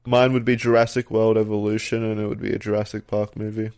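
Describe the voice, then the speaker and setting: Soft-spoken low podcast guy, dry sound. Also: little pitch movement, fast, clean tone, no room sound. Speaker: podcast co-host. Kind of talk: casual chat.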